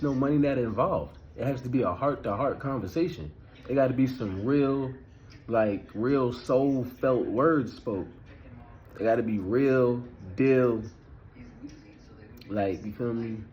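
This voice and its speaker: A man's voice: medium pitch, darkish tone, highs cut off, a little hiss or hum. A man in his thirties giving a casual spiritual talk, loose and conversational, often checking in with the listener. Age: 30s. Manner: loose, conversational, keeps asking "you feel me". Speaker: spiritual vlogger.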